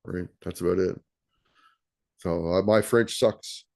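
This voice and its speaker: Low-voiced man explaining casually. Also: steady tone, slow, creaky, a little mellow. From Canada. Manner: repeats words and restarts while explaining. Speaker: guest. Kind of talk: casual conversation.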